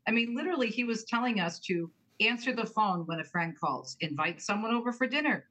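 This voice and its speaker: A woman's voice: medium pitch, brisk, few pauses, fairly bright tone, highs cut off. A woman guest in an interview, talking about her book in an earnest, emphatic way. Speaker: guest author and talk show host. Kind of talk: interview conversation.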